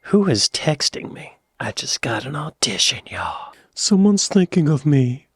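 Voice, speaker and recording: American dude reacting, voice jumps all over, super dry close sound, jokey asides. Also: male voice, on the high side, measured pace, breathy edge, dry recording. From United States. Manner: animated, joking asides, swears. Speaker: reaction channel host. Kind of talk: casual reaction chat.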